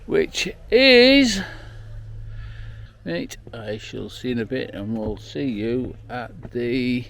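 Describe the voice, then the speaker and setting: A man records a casual travel vlog outdoors on a handheld camera. He talks slowly in a gravelly voice, rambling and emotional and swearing now and then. Faint background noise sits under his voice. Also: mid-range voice, darkish tone. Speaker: overland travel vlogger. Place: outdoors at the end of a road.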